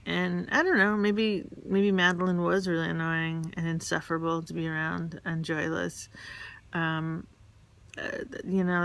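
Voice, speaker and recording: A woman from New York telling rambling, candid personal stories, halting with fillers and restarts. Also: on the low side, fairly bright tone. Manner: candid, confessional. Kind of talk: casual personal storytelling.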